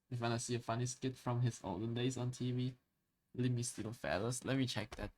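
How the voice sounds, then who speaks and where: A man's voice: medium pitch, a little fast. Hesitant man chatting on a stream. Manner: hesitant, stammering, searching for words. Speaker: art streamer. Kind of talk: casual live-stream chat.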